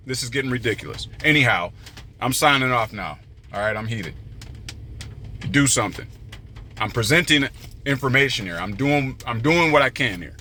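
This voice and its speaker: A man's voice: medium pitch, bright, forceful tone, a little hiss or hum. A man delivering an agitated, repetitive political rant, saying he is heated and fed up. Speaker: political commentator. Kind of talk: heated ranting monologue.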